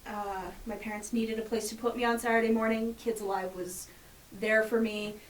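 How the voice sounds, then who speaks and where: A woman chatting eagerly and at length as a guest on a casual radio show, with bursts of excitement. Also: a little high, moderate pace, distant mic. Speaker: guest from a pagan association. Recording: echoey room, somewhat off-mic, faint hiss.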